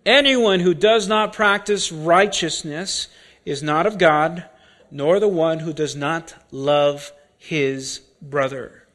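This fairly high, rather bright male voice belongs to a preacher giving a sermon without rushing. His delivery is measured, and he drives points home by repeating important words.

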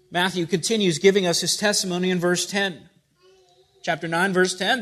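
A high-voiced man preaches a sermon, reading scripture and putting rhetorical questions to his congregation. His loudness swings widely.

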